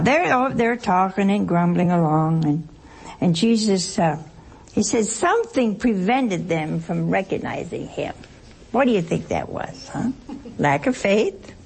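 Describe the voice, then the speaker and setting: A woman's voice: medium pitch, creaky, a little mellow, breathy edge. A woman teaching a Bible study to a group, talking conversationally and expressively with rhetorical questions and playful asides.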